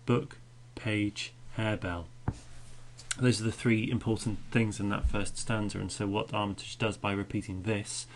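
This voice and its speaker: Gravelly-voiced male teacher explaining poetry. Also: fairly low pitch, flat delivery, brisk, hardly any pauses, slight background noise. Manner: explains patiently, beats out stresses aloud. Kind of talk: recorded poetry lesson podcast.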